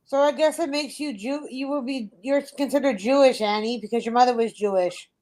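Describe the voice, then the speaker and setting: A woman's voice: a little high, fairly quick, a little mellow, rough recording. A woman on a call, chatting casually in a matter-of-fact, lightly teasing way. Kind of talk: casual chat.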